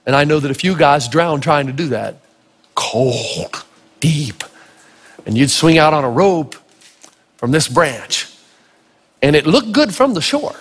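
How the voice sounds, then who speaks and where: Male pastor, high husky voice, lively storytelling sermon, long hall reverb. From Tennessee. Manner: animated, acts out voices in stories.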